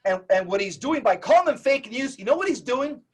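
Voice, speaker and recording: A man speaks as a guest in a podcast interview, with a remarkably high voice for a man. He delivers his points like a preacher, emphatic and rapid-fire, stacking one phrase on the next. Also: expressive, husky. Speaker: Catholic evangelist guest.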